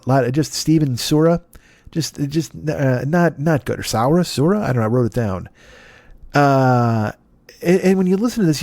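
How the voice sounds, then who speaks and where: A man's voice: a little high, darkish tone, no echo. Profane, rambling male comedy podcaster. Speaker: podcast host. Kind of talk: solo comedy podcast monologue.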